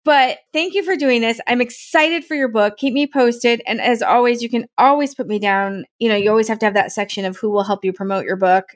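A woman hosting a podcast, upbeat and encouraging in casual interview chat. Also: on the high side. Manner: upbeat, encouraging, quick to laugh. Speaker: podcast host.

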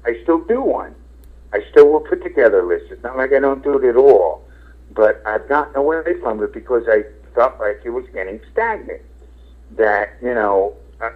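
A middle-aged man, a radio host and comedian, talking casually and frankly in an interview, rambling with lots of fillers and casual swearing. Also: mid-range voice. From Philadelphia. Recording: tinny phone-like radio sound.

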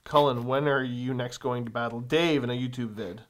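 A man's voice: mid-range voice, steady tone, moderate pace. Chill young guy co-hosting a hobby chat, drawly and loose, reading viewer questions. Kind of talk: casual chat.

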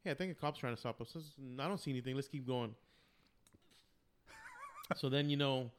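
A man in his thirties telling a story in casual chat, animated and often breaking into laughter. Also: medium pitch, fairly quick, slight background noise.

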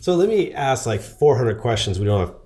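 A man's voice: mid-range voice, big pitch swings, a little mellow. A man hosting a casual interview, reacting eagerly and finishing his guest's sentences. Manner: chatty, quick to react and finish the guest's lines. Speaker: podcast host.

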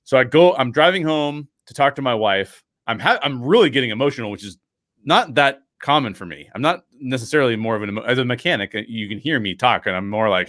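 A man in his thirties, a podcast host telling a personal story with lively acted-out quotes and frequent restarts. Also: mid-range voice, fast talker, no echo, studio quality. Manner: animated storyteller acting out quotes, many restarts.

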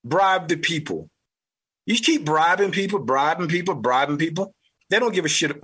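Southern man, podcast host, blunt political monologue, high voice, husky edge. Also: expressive, moderate pace, fairly bright tone. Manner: blunt and fired-up, mild cursing.

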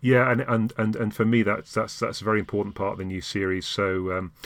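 A man's voice: fairly low pitch, little pitch movement, fairly quick. A man from Yorkshire hosting a casual podcast chat, often repeating words as he starts a sentence. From Yorkshire, England. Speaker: podcast host.

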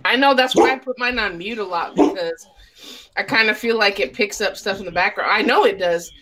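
A woman's voice: medium pitch, fairly quick. A woman hosting a casual live chat, joking and swearing, often laughing. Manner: profane, laughing, animated banter. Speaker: host.

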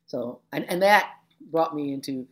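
An older woman looking back on her years as a labor educator in an interview, animated, acting out the voices of people in her stories. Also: deep voice, normal speed. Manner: animated storyteller, acts out quoted voices. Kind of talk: reflective oral-history interview.

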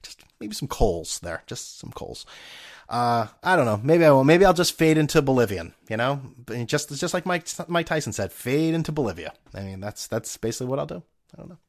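A man's voice: medium pitch, animated, a little fast. A man hosting a casual solo podcast, rambling and sarcastic with plenty of profanity. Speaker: podcast host.

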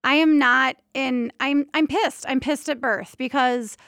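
Woman, forties, casual podcast chat, candid, somewhat high voice, dry close sound. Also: fairly even intonation, creaky, fairly bright tone, clear, resonant tone, no echo. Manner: chatty and candid, emotional, with quick restarts. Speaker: podcast host and birth doula.

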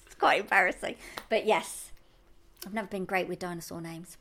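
A woman co-hosting a local podcast in casual chat, bubbly and animated, laughing often. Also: lowish voice, a little fast. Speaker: podcast co-host.

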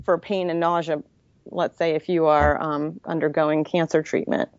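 A woman on a podcast panel discussion, chatty and quick to laugh. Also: sits low, little pitch movement, no room sound. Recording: dull, dry lo-fi podcast audio.

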